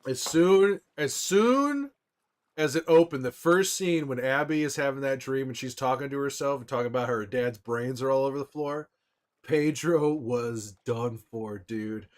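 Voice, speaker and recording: A man livestreaming casually to his viewers, rambling excitedly with frequent restarts and laughs. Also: mid-range voice, moderate pace. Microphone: desktop microphone.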